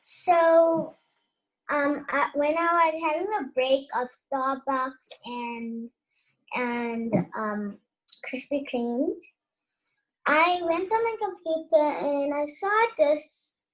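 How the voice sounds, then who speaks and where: A young guest on a video call, reading a menu aloud with hesitant pauses and restarts. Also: female voice, high-pitched. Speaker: kid entrepreneur guest.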